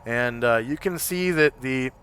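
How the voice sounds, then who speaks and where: Slow, bright-voiced man as game master. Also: mid-range voice, clean tone. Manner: hesitant, full of fillers. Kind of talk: describing scenes in a tabletop game. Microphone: home microphone on a live stream.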